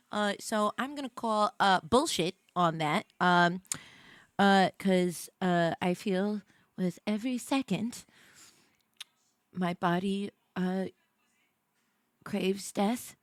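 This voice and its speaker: An American woman streamer chatting casually on a live stream, jet-lagged and tired, rambling with many fillers and bursts of excitement. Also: medium pitch, slow, pauses often, no room sound. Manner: excitable, rambling, many fillers, swings between mumbling and squealing.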